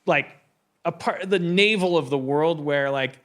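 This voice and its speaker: Bright rambling man telling a story on stage. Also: on the high side, measured pace. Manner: rambling, stammering, animated storyteller who acts out voices. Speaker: podcast host. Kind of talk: live comedy podcast storytelling. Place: live stage before an audience.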